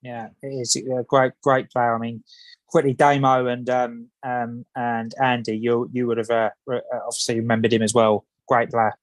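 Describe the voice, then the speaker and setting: A man's voice: medium pitch, level tone, moderate pace, no room sound. A man hosting a casual radio football show, asking loose questions full of "obviously" and "um".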